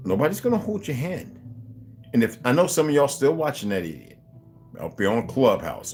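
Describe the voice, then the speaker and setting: Man, casual home stream, profane and chatty, lively swinging pitch. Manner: animated, profane, talks straight to viewers. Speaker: host reading a book to viewers. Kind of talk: casual livestream chat. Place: home room.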